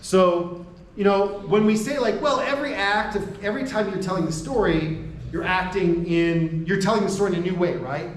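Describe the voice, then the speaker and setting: Speaking at a moderate pace, an American man with a voice slightly high for a man lectures faculty conversationally, restarting sentences, checking in with listeners, and laughing between points. He is recorded from a distance in an echoey room with faint background noise.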